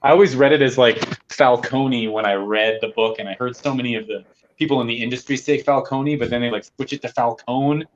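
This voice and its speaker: A man's voice: medium pitch, brisk, dull audio. A man in casual podcast chat who muses aloud and asks questions about a film. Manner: musing, questioning. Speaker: podcast guest. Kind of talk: casual movie discussion.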